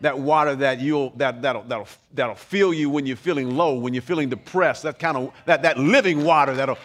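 A man's voice: mid-range voice, moderate pace, a bit bright, voice pushed down, natural voice. A man voicing a patient, earnest teacher. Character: patient gentle male teacher, adult.

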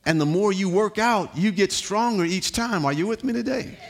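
A man preaching a sermon as pastor in a church, building to shouts, repeating words and calling on the congregation to respond. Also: high-pitched, normal speed, a faint crowd. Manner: repeats words, sings some lines. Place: church hall.

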